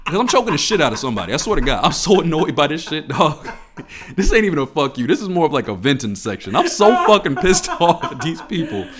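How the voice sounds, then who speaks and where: A man talking on a podcast, his pitch leaping up and down as he rants. His voice sits a little higher than most men's, and he swears freely in loose, casual chat. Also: fast talker. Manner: animated profane ranting. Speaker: podcast co-host.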